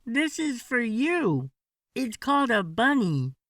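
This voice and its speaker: A man doing a gentle, coaxing young boy. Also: very high voice, big pitch swings, takes it slowly, dry recording, pitched above the performer's own voice, heavily acted. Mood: proud. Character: kind young boy, Nicky.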